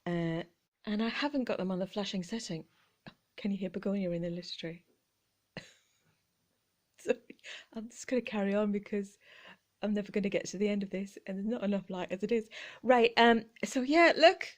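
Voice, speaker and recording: A woman chatting casually as she shows off her thrift finds, often dropping into soft whispers and laughing. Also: mid-range voice, fairly quick, pauses often. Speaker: vlogger showing thrift finds. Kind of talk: casual chat.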